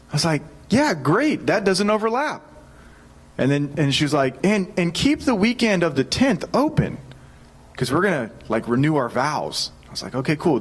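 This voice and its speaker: A man in his thirties preaching a sermon, telling a personal story in an energetic, joking way. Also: mid-range voice. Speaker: pastor.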